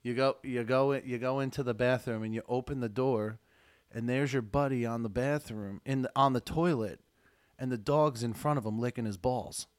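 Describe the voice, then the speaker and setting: Casting: young man, podcast co-host, rambling crude storyteller, mid-pitched. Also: steady tone, normal speed. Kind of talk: casual comedic chat.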